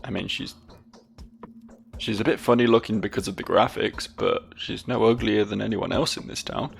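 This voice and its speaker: A man's voice: lowish voice, steady tone, normal speed, creaky, soft background music. A British man commenting on gameplay as a let's play host, with musing, wry asides.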